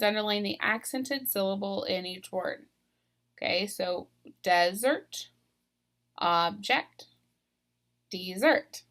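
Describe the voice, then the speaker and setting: A woman teaching a spelling lesson on video, speaking slowly and deliberately and stressing syllables. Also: mid-range voice, gravelly, fairly bright tone.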